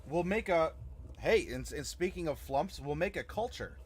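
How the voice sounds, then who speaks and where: A man's voice: on the high side, lively intonation, moderate pace, breathy edge. A young man hosting a live stream as game master, chatting casually and rambling with many fillers and restarts.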